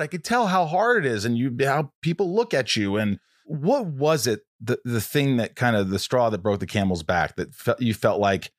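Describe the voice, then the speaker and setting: A man's voice: mid-range voice, lively intonation, moderate pace, few pauses, dry recording, studio quality. A man hosting a podcast interview, talking in a rambling, casual way, often restarting his sentences and swearing now and then. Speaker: podcast host.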